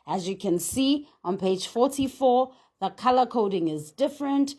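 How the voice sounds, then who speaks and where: A woman's voice: medium pitch, animated, measured pace, darkish tone. A woman teaching a phonics lesson, sounding out each letter and then saying the whole word. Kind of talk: slow, deliberate phonics lesson.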